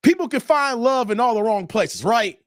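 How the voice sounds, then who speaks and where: A man's voice: very high voice, lively intonation, normal speed, a bit bright, no echo, studio quality. A man hosting a live stream, laughing and bantering with his chat.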